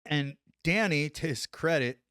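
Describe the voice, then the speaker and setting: A middle-aged man and former soldier telling a story on a podcast, animated, acting out what people said and saying "like" often. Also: fairly high pitch, measured pace, clean tone, dry recording, clean studio sound. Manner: animated, acts out quotes, says "like" a lot. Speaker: podcast guest, former Army Ranger. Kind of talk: casual storytelling.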